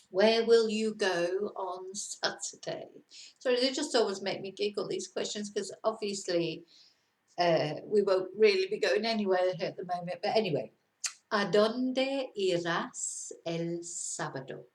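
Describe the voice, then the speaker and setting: A woman teaching a casual video lesson, chatty and encouraging, now and then laughing at herself. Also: mid-range voice. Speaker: Spanish teacher. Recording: roomy echo.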